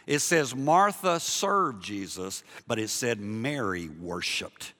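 A man preaching a sermon in a church, animated, moving from loud emphasis to hushed softness, with jokey asides to the congregation. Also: on the low side, takes it slowly, in a large hall. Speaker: pastor. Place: church sanctuary.

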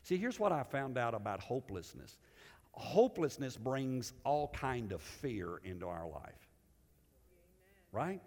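In a large hall, a male pastor preaches in a sing-song, unhurried way. His delivery swings from loud, lifted lines to hushed, low ones, and he often repeats words as he builds a point.

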